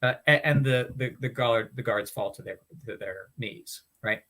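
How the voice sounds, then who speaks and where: A man talks through scripture in a relaxed teaching chat. He is earnest and explanatory, and he often restarts his sentences and uses fillers as he thinks aloud. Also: medium pitch, moderate pace. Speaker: Bible study podcast host.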